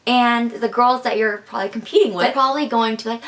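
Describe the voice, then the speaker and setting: A woman's voice: a little high, steady tone, fast, a bit bright. A young woman giving chatty, casual advice in a vlog, filling her talk with "like" and "kinda". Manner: chatty, filler-heavy with frequent "like" and "kinda". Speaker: advice vlogger.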